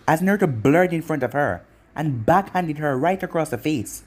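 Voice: normal speed, slightly rough. A narrator reading fan fiction aloud in plain storytelling fashion. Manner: plain storytelling with lively pitch.

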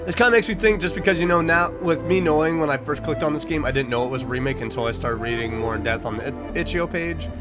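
Excitable man thinking aloud over a game. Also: fast talker, few pauses, over music. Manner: thinks aloud, bursts into high-pitched confused panic. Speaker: game streamer. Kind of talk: let's play commentary.

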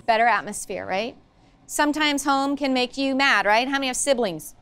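High-pitched lady teacher in a classroom, peppy, keeps asking the kids questions. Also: moderate pace, pushed and bright, clear, resonant tone. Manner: upbeat, coaxing, asks the class many questions. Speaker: social-emotional learning teacher. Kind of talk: classroom lesson. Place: school classroom.

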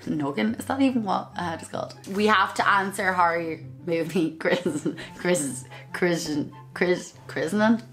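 A woman's voice: on the low side, measured pace, a bit bright, soft background music. An Irish woman vlogging in a casual, chatty way, often giggling, tripping over her words and correcting herself. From Ireland. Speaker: YouTube vlogger.

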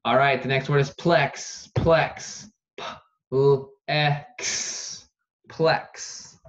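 A man teaching an online phonics lesson, saying each word slowly and repeating it for dictation. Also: mid-range voice, steady tone. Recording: dull lo-fi recording.

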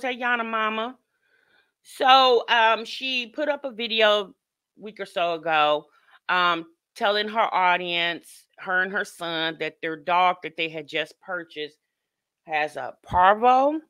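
A woman hosts a live stream with chatty, outspoken commentary and greets her viewers by name. Her voice is bright and forceful, with a lightly profane manner. The sound is dry, with no room echo. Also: medium pitch, clean tone. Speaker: host of a live reaction stream.

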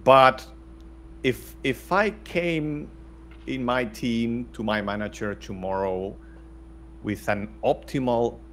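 A man's voice: medium pitch, takes it slowly, fairly bright tone, a little hiss or hum. A middle-aged man from Spain, talking bluntly as an interview guest with many restarts. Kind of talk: casual interview talk.

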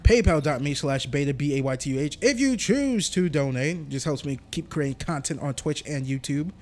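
A man's voice: fairly high pitch, expressive, brisk, a little mellow. A young man casually commenting on his gameplay as a streamer, joking and talking to the game. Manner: chatty, jokey, talks to the game.

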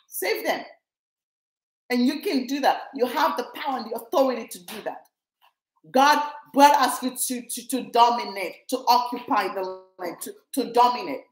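A woman's voice: a little high, reverberant, low-quality recording. A woman preaching to viewers, emphatic and repetitive as she exhorts them and prays over them. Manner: emphatic and repetitive, rallying listeners.

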